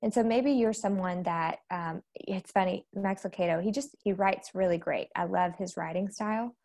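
A woman's voice: mid-range voice, normal speed, gravelly, darkish tone. A woman hosting a live faith book study, talking candidly and chattily to her viewers, recorded on a phone or webcam. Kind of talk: casual spoken book discussion. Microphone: phone or webcam on a social live stream.

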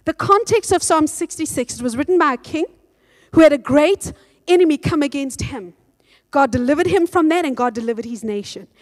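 A woman pastor with a bright, high-pitched voice preaches with lively energy. She reads scripture aloud and acts out the quotes as she goes. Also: brisk. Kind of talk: sermon.

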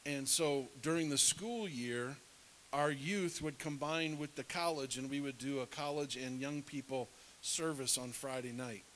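A middle-aged man preaches a sermon in a slightly bright, mid-range voice at a measured pace, telling a story with animation. He drops to a whisper to act out scenes, and the rough recording carries a faint hiss.

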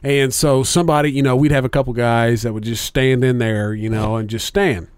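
A man's voice: mid-range voice, fairly even intonation, fairly quick, clean tone, no room sound. A man co-hosting a casual podcast, telling a rambling, profane story with lots of fillers. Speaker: podcast co-host.

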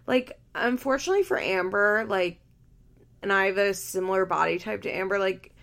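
A woman's voice: medium pitch, animated, moderate pace, fairly bright tone. A woman hosting a podcast, chatting casually and bluntly with lots of "like" fillers as she recaps a reality show. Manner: blunt, opinionated, heavy use of "like" fillers. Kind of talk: casual chat.

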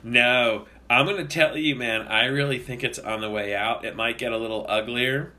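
A man's voice: mid-range voice, normal speed, pushed and bright. A man co-hosting a podcast, ranting in casual heated chat and swearing often for emphasis. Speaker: podcast co-host.

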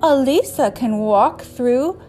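A woman's voice: high-pitched, takes it slowly, warm tone, faint music behind. A woman hosting an episode, telling rambling stories in a chatty, casual way and chuckling now and then. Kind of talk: casual storytelling.

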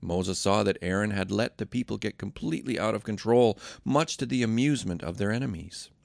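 Low gravelly man reading scripture. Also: fairly quick, no echo, clean studio sound. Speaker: narrator.

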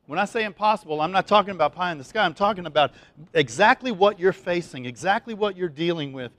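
A pastor preaches to his congregation in a loose, chatty, folksy way, full of asides, fillers and restarts. His voice sits high and is expressive, fast and fairly bright, recorded dry.

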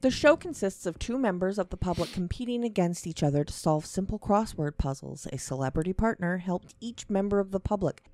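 A woman's voice: mid-range voice, lively intonation, brisk, hardly any pauses, dark tone. A woman co-hosting a casual comedy podcast. She reads trivia aloud, laughs often and swears freely. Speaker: podcast co-host. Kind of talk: casual comedic chat reading from Wikipedia.

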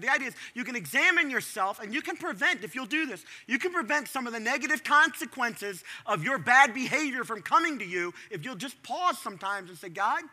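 A middle-aged man preaches with a high, very bright and ringing voice. He talks to the congregation conversationally, then breaks into sudden animated bursts. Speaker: pastor. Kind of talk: sermon.

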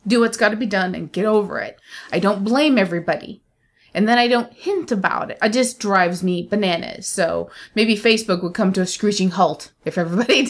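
A middle-aged woman co-hosts a podcast in loose, casual chat. She speaks bluntly and candidly, in a voice of middling pitch, and breaks into laughter often. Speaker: podcast co-host.

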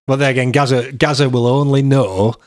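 A man's voice: medium pitch, steady tone, brisk, a little mellow, no echo, clean studio sound. A middle-aged man, hosting a podcast and chatting casually with his son, laughing often. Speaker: podcast host.

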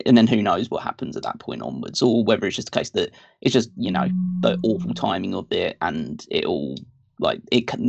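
A man's voice: on the low side, gravelly, dry recording, dull audio. A man co-hosting a podcast, chatting casually in a rambling way full of restarts and fillers. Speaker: podcast co-host. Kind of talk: casual wrestling discussion.

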